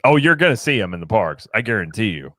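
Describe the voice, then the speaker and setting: Animated joking man reading chat. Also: lowish voice, fast talker, no room sound, studio quality. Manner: joking, animated, reads viewer comments aloud. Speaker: podcast co-host reading chat. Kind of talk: casual livestream chat.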